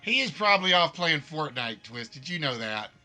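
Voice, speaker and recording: A man hosting a live-streamed quiz game, reading questions slowly and repeatedly and teasing the players and chat playfully. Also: on the high side, big pitch swings, bright, forceful tone, faint music behind. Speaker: game show host.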